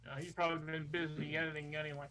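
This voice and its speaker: Eager high-voiced male podcast host. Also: flat delivery, very fast, background noise. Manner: eager, effusive, repeats himself. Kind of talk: casual chat on a live video call. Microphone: video call.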